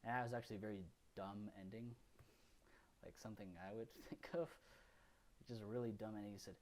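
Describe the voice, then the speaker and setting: A man's voice: lowish voice, fairly even intonation, fairly quick, a little hiss or hum. A man co-hosting a podcast, recapping films in casual, rambling chat full of fillers and restarts. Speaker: podcast co-host.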